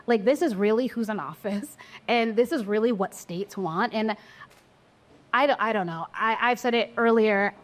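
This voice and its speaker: Her voice is slightly high and fairly bright. A mother of four and an abortion doula and maternal health advocate, this adult woman speaks on a candid live panel at a coffee house, blunt and profane, laughing easily as she shares stories.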